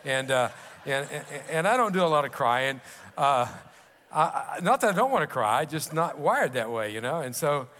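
A man's voice: a little high, big pitch swings, normal speed, pushed and bright. A man pastor preaching a sermon, telling stories in a folksy, conversational way with restarts. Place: church sanctuary. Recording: long reverb of a church hall.

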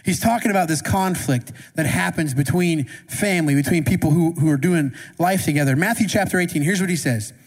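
High-voiced man preaching in a reverberant hall. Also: a little fast, few pauses, slightly rough. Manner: conversational, asks the congregation questions. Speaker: pastor. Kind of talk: sermon. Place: church sanctuary. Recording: long reverb of a church hall.

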